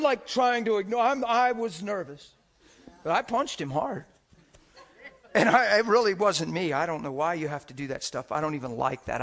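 A man preaching a sermon, telling stories with animated swings from shouts to hushed whispers and laughing as he talks. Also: on the high side. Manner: laughs while talking.

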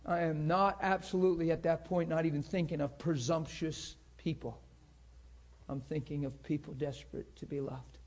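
A man's voice: fairly high pitch, steady tone, normal speed, darkish tone. Emotional storytelling male pastor. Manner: emotional, acts out both sides of a story. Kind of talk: sermon storytelling.

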